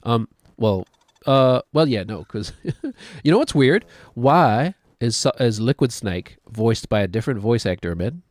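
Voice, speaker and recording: A man's voice: mid-range voice, lively intonation, measured pace, darkish tone, no room sound. A man with a New Zealand accent, likely in his thirties, streaming a video game and thinking aloud in a rambling, self-deprecating way. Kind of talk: casual gaming commentary.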